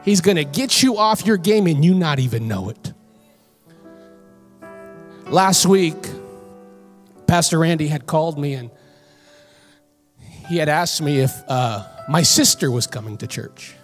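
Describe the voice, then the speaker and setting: A woman preaching a sermon in church. She tells a personal story in an animated way and builds to emphatic calls to her listeners. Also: low-pitched, unhurried, long pauses, soft background music. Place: church sanctuary.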